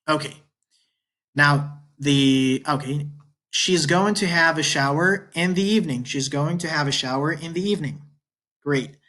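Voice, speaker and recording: Slow, patient male Spanish teacher. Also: fairly high pitch, sharp tone. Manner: patient, repeats each phrase slowly with frequent "uh" pauses. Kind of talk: online language lesson explaining slides.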